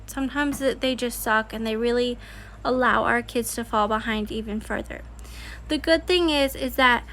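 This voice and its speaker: A woman's voice: fairly high pitch, a bit bright, a little hiss or hum. A woman who homeschools her child, talking in a candid, chatty vlog style with lots of fillers. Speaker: homeschooling parent and consultant. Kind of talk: casual personal vlog talk.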